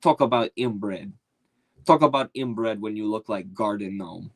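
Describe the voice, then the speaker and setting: A man's voice: lowish voice, a little slow, no room sound. A man putting on the voice of a menacing male cage fighter who issues blunt threats in clipped broken English. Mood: taunting.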